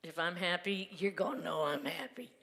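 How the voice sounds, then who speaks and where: Speaking at a normal speed, a woman with a lowish, animated voice and a fairly bright tone delivers a Sunday testimony sermon. As a minister drawing on her own life, she keeps it candid and conversational and laughs often, all captured in a reverberant church sanctuary.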